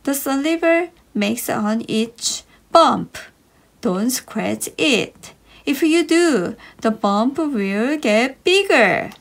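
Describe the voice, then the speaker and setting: A woman reads short picture-book passages aloud for young learners. Her voice sits high and leaps up and down with every phrase. She takes her time, stretching each sentence out slowly. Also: lively intonation. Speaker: reader of children's English stories. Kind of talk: slow expressive read-aloud for kids.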